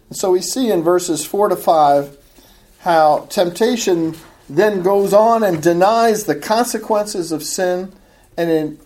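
A woman's voice: on the low side, warm tone. A woman teaching a Bible study in an earnest, explanatory way, reading from commentators.

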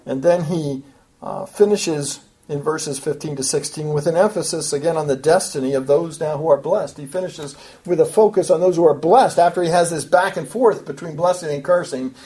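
This expository Bible teaching comes from a preacher with a dark-toned voice at normal speed. He's earnest and emphatic, rising in pitch and volume to stress points, often repeating and restarting phrases.

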